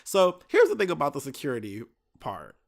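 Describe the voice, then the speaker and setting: A man's voice: on the high side, wildly swooping pitch, fairly quick. A man hosting his own podcast, recounting a trip in a casual, profane, exasperated way, full of asides. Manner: profane, exasperated anecdote telling with many asides. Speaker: podcast host. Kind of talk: casual solo podcast storytelling.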